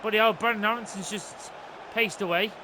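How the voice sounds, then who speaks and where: A gaming host doing let's-play commentary, excitable and swearing as they rant at the game. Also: medium pitch, a little fast, noisy background.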